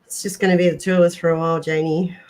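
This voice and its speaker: A woman's voice: fairly low pitch, little pitch movement, very fast, darkish tone. An Australian woman chatting casually on a livestream, laughing often and trailing off mid-thought. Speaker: livestream co-host. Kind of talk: casual chat. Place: home.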